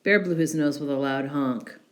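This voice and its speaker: A woman reading a children's picture book aloud in an expressive, unhurried storytelling manner. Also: sits low. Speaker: storybook reader.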